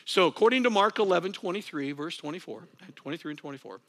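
This pastor's voice sits high and moves fast as he preaches with plenty of energy. He shifts from quiet asides to loud emphasis and every so often laughs at himself.

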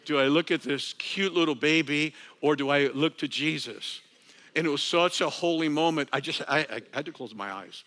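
A man preaching a sermon as pastor, animated, dropping to soft asides and rising to loud emphasis, sometimes laughing at himself. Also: a little high, moderate pace.

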